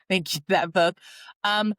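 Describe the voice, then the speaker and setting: A woman's voice: medium pitch, steady tone, slow pace, fairly bright tone, dry recording. A woman hosting an interview, asking questions hesitantly with many fillers and sharing her own experience. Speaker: host. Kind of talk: conversational interview.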